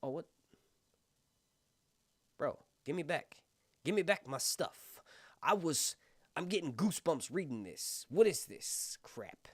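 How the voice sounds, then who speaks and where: A man hosting a fan review channel, talking with excited enthusiasm and often breaking into exclamations. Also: on the high side, slow pace, pauses often, breathy edge, dry recording, clean studio sound. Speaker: book and TV review channel host. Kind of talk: excited fan commentary with read-aloud passages.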